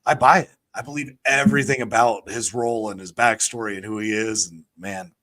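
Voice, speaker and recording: A man co-hosting a film podcast in casual chat, gushing, quick to laugh and to apologize. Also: lowish voice, fairly even intonation, sharp tone. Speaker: podcast co-host.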